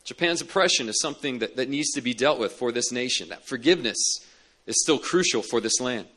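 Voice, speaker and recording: A man's voice: medium pitch, expressive, brisk, a bit bright. A man preaching a sermon as a pastor, telling stories earnestly and repeating key words for emphasis. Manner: earnest storytelling with emphatic repetition.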